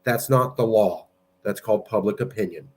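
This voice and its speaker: A man's voice: on the low side, normal speed, darkish tone. A man giving blunt, argumentative political commentary while sharing his screen. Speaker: political movement president.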